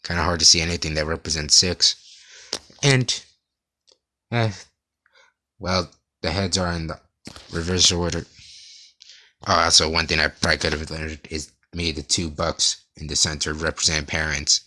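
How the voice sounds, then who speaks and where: A young man giving a rambling class presentation about an artist, in a monotone with frequent stutters and restarts. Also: extremely low pitch, moderate pace, pauses often. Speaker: student presenter.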